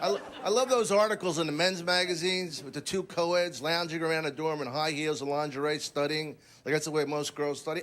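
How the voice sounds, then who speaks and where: A man's voice: fairly high pitch, lively intonation, fairly quick, few pauses, noisy background. A man doing a brash, rambling stand-up comedy set on a TV studio stage. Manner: brash, rambling, crude punchlines.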